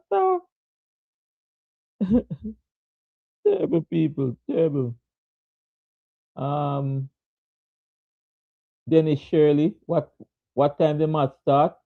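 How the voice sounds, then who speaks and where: Laughing Jamaican man, high voice. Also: gravelly, no echo. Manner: laughing often, greeting viewers by name. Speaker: host. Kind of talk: casual live-stream cricket chat. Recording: dull lo-fi dry sound.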